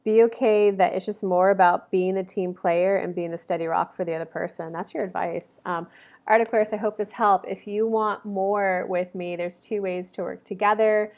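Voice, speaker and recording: A woman's voice: mid-range voice, steady tone, moderate pace, darkish tone. A woman in her thirties giving a casual zodiac reading to camera, chatty and rambling, with many fillers and self-corrections. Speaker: astrology reader.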